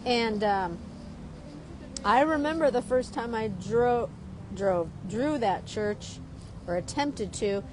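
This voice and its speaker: A woman from Chicago, a drawing teacher, telling a story in a lively, chatty way while she draws. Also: a little high, slow pace, pauses often, background noise. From Chicago, USA. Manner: lively, keeps asking "right?".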